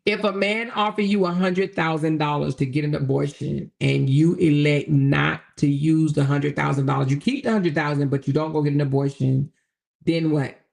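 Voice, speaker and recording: Gravelly-voiced woman chatting with her stream. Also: sits low, steady tone, moderate pace, darkish tone. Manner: chatty, addresses viewers directly, reads comments aloud; blunt and colloquial. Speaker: livestream host. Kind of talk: casual livestream commentary.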